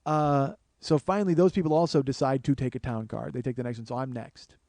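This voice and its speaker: A man in his forties, a comedian hosting his podcast, telling a story in an animated, profane, exasperated way on a close studio mic. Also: medium pitch, a little fast, dry recording. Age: 40s. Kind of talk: comic storytelling monologue.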